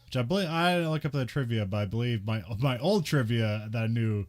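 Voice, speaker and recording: A man's voice: mid-range voice, lively intonation, fairly quick, darkish tone. A man co-hosting a casual film podcast, recapping the plot and laughing often between lines. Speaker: podcast co-host.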